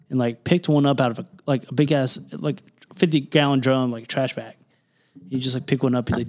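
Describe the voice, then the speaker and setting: A man's voice: medium pitch, steady tone, fairly quick, darkish tone. A young man co-hosting a podcast, telling loose, profane stories full of "like" in casual chat. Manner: loose, profane storytelling with lots of "like". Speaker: podcast co-host.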